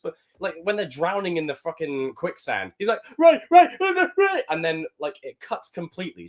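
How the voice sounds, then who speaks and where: Lively, swearing young male streamer. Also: fairly high pitch. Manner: animated, profane, loud outbursts. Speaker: streamer reacting to film clips. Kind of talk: live-stream commentary.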